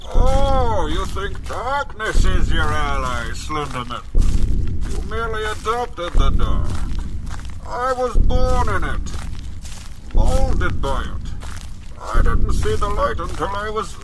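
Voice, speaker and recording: A man's voice: high-pitched, expressive, takes it slowly. A man voicing a blustering, cowardly masked villain in a comedy game bit, bragging and then panicking. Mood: boastful. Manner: boastful then panicky, yelping and shouting. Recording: loud vehicle noise behind.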